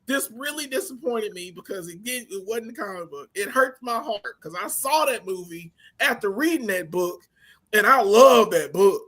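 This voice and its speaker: A man co-hosting a casual movie review podcast, ranting animatedly with big swings from loud to quiet. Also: high-pitched, expressive, normal speed. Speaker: podcast co-host.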